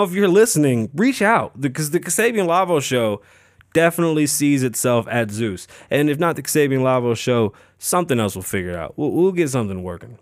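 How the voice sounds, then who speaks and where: A young man hosts his own show alone, rambling through topics in a loose, profane, offhand way. He restarts sentences and fills gaps with "um" and "you know." His voice sits at a middling pitch, recorded dry with no room sound. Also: no room sound. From Las Vegas. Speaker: podcast host. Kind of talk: casual solo podcast chat.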